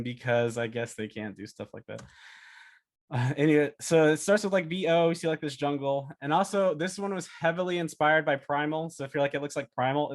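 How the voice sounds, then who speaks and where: A man giving a casual talk as a storyboard artist, chatty and animated, acting out cartoon pitches. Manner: animated, chatty, many fillers and laughs.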